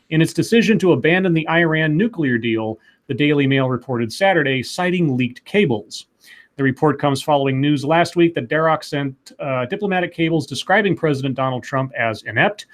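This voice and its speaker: A man hosting a casual podcast, reading news stories aloud and adding sarcastic asides. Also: on the high side. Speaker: podcast host.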